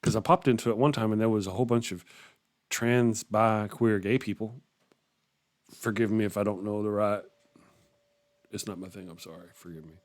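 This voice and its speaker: This morning livestream host has a fairly low voice, a moderate pace and frequent pauses. He chats casually with viewers about their comments, rambling, chuckling a lot and often trailing off.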